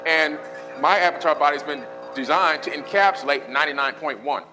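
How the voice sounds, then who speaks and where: A man's voice: on the high side, fairly quick, over music, poor audio. A man in a casual podcast conversation, explaining his views in a thoughtful, storytelling way. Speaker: podcast guest.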